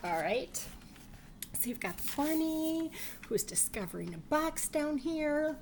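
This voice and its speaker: A woman reading a picture book aloud to children, animated and asking them questions. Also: high voice, slow pace, a little hiss or hum. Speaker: library read-aloud reader.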